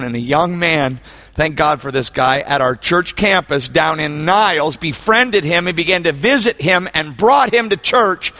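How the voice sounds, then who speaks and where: A male pastor preaches in a church sanctuary, telling stories with lively swings between shouted peaks and hushed asides. His voice sits high and sounds bright and forceful. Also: creaky. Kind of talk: sermon.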